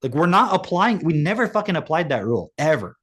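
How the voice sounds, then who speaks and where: A man in a casual reaction chat who gets animated, jumping up in pitch as he makes a point and swearing offhandedly. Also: quick pace. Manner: animated, rises sharply in pitch when making a point; swears casually, rhetorical questions. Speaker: co-host.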